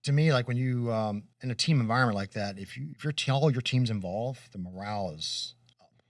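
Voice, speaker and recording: A man's voice: mid-range voice, brisk, dry recording. A middle-aged man from Kentucky co-hosting a casual chat, rambling and earnest with many restarts. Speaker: co-host. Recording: dry room, distant mic.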